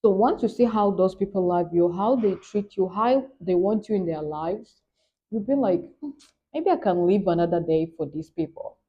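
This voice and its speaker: In a husky, mid-range voice with lively intonation, this young Nigerian-accented woman vlogs at a moderate pace, earnest and emphatic. "Trust me" keeps recurring in her candid personal talk, and the audio lacks its high end.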